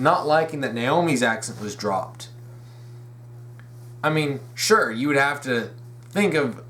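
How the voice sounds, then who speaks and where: A man's voice: medium pitch, fairly bright tone. A young man hosting a casual fan commentary video, rambling, restarting his sentences and correcting himself with eager, opinionated enthusiasm. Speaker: video essay host.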